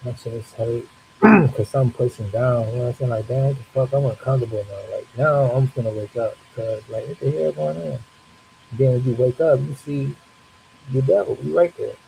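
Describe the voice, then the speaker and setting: A man telling a personal supernatural story in a loose, profane, animated way, acting out his own reactions. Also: medium pitch, normal speed, gravelly. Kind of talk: casual storytelling livestream. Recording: faint hiss.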